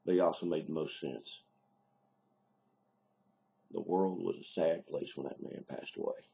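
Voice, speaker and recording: A married man with a deep Southern accent, talking bluntly and casually to camera in a home video diary, plainspoken with mild cursing. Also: fairly even intonation, measured pace, creaky, dark tone, slightly rough. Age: adult, married. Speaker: video diarist.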